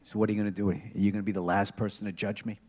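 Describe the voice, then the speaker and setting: A washed-up male day drinker who has given up on everything speaks in a low, quiet mutter, as a comedian puts him on. His voice drops well below the comedian's usual one and sits soft and resigned. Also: level tone, rapid-fire, noisy background, natural voice.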